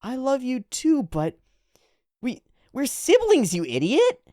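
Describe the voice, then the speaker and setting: A man voicing a gentle, nostalgic older brother while reading a comic aloud. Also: extremely high pitch, wildly swooping pitch, takes it slowly, no room sound, clean studio sound, voice pushed up, exaggerated voice. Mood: flustered.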